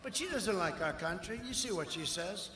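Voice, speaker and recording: A man from the United States giving a campaign rally speech outdoors, boastful and repetitive, often breaking into shouts. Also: sits high, animated, moderate pace. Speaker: political speaker at a rally. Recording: echoey rally sound with long reverb and faint ambience.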